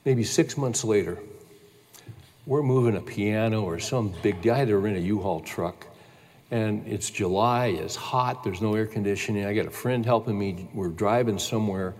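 A man in his sixties, a pastor telling a family story in a sermon, with slow emphatic declarations. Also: on the low side, darkish tone. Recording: long church-hall reverb.

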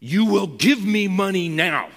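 A pushy middle-aged male street guide, voiced a little higher than usual by a preacher retelling the encounter. The sound carries a long reverb, as in a large hall. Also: sing-song, normal speed, darkish tone. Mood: demanding. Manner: polite, then insistent and demanding.

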